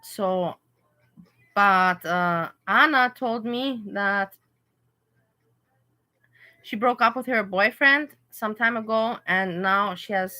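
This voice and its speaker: This livestream host, a European woman in a hotel room, reads her chat and animatedly responds to commenters in casual conversation. Her voice is bright and medium-pitched, she takes things slowly with frequent pauses, and the recording quality is low.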